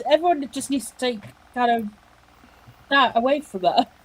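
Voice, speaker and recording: A woman from England, a guest in a casual book chat, relaxed and playful, giggling often. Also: high voice, unhurried, rough recording.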